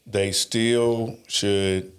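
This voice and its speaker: A man's voice: lowish voice, little pitch movement, very slow. A man co-hosting a podcast in casual chat, talking emphatically and often repeating his agreement. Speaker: podcast co-host.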